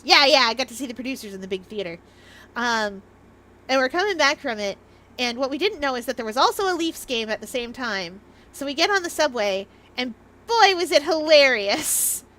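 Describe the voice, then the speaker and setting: A woman from Canada chatting casually on a game stream, rambling through jokey stories and quick asides. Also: on the high side, sharp tone.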